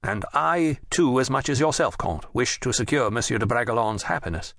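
A proud young king gives measured, commanding replies in a close, dry recording, as a male narrator puts him on. His voice carries a gravelly rasp at a middle pitch. He sounds certain of his own authority. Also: lively intonation, a bit bright, no echo. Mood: firm. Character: young male king, firm and self-assured.

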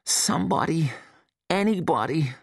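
A man voicing an anxious woman meteorologist making an urgent, pleading distress call in a much higher voice. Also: lively intonation, unhurried, creaky, husky, dry recording, studio quality, heavily acted. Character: anxious woman meteorologist calling for help over radio.

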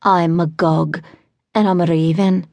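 A woman voicing a cynical young woman raven shifter with a raspy, sing-song Welsh accent and a terse, dry manner. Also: on the low side, steady tone, unhurried, darkish tone, no room sound, dull audio.

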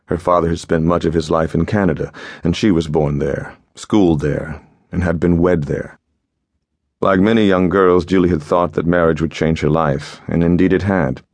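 A male audiobook narrator with an extremely low, deep voice, reading a story in a measured and steady way. The sound is close and dry, with no room around it. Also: no room sound. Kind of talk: scripted narration.

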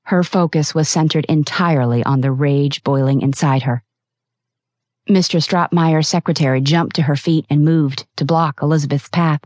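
A woman reads a novel aloud in a low, dark voice, steady and expressive. The sound is close and dry, with no room around it. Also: normal speed, dry recording. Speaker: audiobook narrator. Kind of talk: scripted narration.

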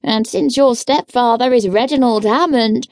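A woman's voice: fairly high pitch, moderate pace, a little mellow, dry recording, natural voice. A woman narrator voicing a dry, teasing young male curate in an audiobook. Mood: wry. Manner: dry, teasing, matter-of-fact. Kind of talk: audiobook character voice.

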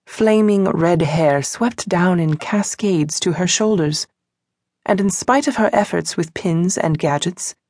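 A woman narrating an unabridged mystery novel as an audiobook, in a measured, even reading. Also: fairly low pitch, dry recording, clean studio sound. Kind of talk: scripted narration.

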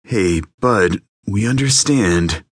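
A man voicing a calm male survivor who tries to talk a gunman down in an audiobook. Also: on the low side, slow, breathy edge, no room sound, studio quality, pitched above the performer's own voice, heavily acted. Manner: steady, placating. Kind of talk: audiobook character voice.

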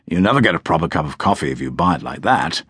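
A man voicing a lean old retired country solicitor who talks quietly and with firm assurance. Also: very deep voice, expressive, quick pace, breathy edge, no echo, clean studio sound, full character voice. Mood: dogmatic.

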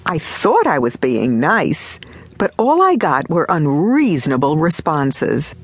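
A woman narrating her parenting audiobook in a conversational, wry, expressive manner. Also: low-pitched, slow pace, husky. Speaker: author and narrator.

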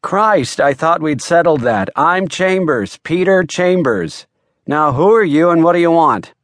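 A man voicing a groggy, gruff private eye who is woken too early, speaking in a grumpy and wry way in an audiobook. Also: mid-range voice, animated, a little slow, dry recording, clean studio sound, lightly acted. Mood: irritated.

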